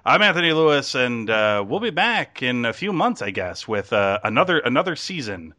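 A man's voice: mid-range voice, big pitch swings, normal speed, pushed and bright, dry recording. A man hosting a podcast, making dry quips and wrapping up the episode in casual chat. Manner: dry quips, chuckles, wraps up the show. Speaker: podcast host.

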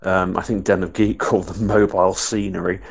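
A man from the north of England talks in a low voice, close to the mic in a dry space. He rambles through a casual conversation, trailing off and starting over often. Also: flat delivery, fairly quick, gravelly, husky, no room sound. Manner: rambling, many restarts and fillers. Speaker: podcast co-host. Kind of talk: casual discussion.

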